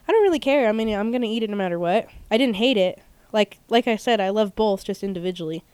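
A young woman rambles through a story as a podcast co-host, tossing in fillers as she goes. Her voice is smooth and clear, recorded dry and close with no room sound. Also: medium pitch, lively intonation, fast, darkish tone, dry recording. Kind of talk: casual chat.

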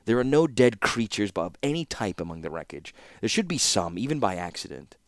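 A cool, clever young scholar voiced by a man reading a storybook speaks in measured, faintly scornful tones. The voice is lowish, and the dry recording has no room sound. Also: sing-song, no echo. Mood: calm.

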